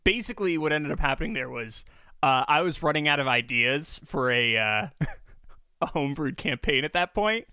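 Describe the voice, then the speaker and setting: This is a man telling loose stories as a podcast co-host. His voice is bright, smooth and a touch high. The mic sound is close and dry, and he uses casual fillers and swears now and then. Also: moderate pace, no echo. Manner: relaxed storyteller, fillers and swearing. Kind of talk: casual chat.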